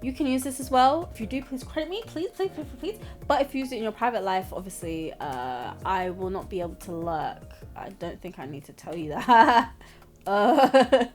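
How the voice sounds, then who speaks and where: A woman's voice: mid-range voice, expressive, moderate pace, soft background music. A young woman talking casually and rambling, giggling between her points as she reviews a show. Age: young adult. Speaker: anime reviewer, channel host. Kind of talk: casual commentary vlog.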